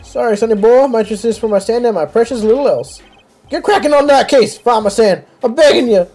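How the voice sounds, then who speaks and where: A let's-play gamer voicing an excitable old male noodle vendor who talks in a folksy, melodramatic way. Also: mid-range voice, a little fast, faint music behind, voice pushed up, natural voice. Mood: pleading. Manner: folksy, says "sonny boy", melodramatic wailing.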